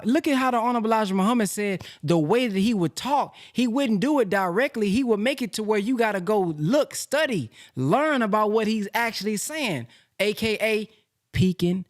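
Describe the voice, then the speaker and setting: A man presenting a sales lesson from slides in a lively, casual way, with slang, talking straight to his audience. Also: high voice. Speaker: presenter teaching a sales system.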